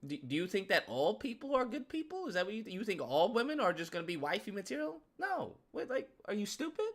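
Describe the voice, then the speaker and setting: Slangy, animated male commentator. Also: high-pitched, quick pace. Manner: slangy, laughing, rhetorical questions. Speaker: YouTube commentator. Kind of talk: casual comedic commentary.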